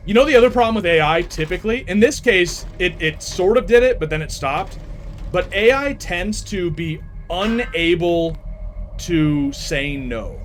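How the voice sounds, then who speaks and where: A male streamer giving casual gaming commentary, telling animated stories and laughing often. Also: high-pitched, measured pace, slight background noise.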